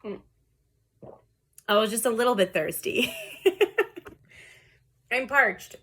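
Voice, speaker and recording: A woman's voice: a little high, slow, a bit bright, a little hiss or hum. A woman in her thirties giving a casual tarot reading at home, chatty and rambling, laughing often and talking to viewers like friends. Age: 30s. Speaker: tarot reader.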